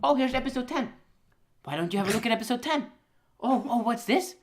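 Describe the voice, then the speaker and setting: A man's voice: extremely high pitch, animated, a little fast, slight background noise, voice pushed up. A man putting on a sly mock-French studio voice. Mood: teasing. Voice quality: coaxing, sing-song teasing. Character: personified anime studio, falsely soothing, mock French.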